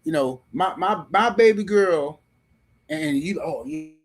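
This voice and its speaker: A man's voice: on the high side, animated, a little slow. A man hosting a live stream, ranting about boxing in a heated, slangy way and speaking straight to his viewers.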